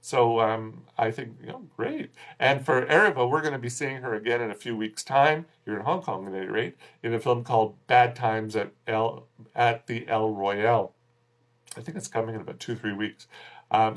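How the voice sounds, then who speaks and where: A man giving a casual spoken film review, rambling a little and chuckling wryly at his own jokes. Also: mid-range voice. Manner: rambling, with frequent fillers and restarts.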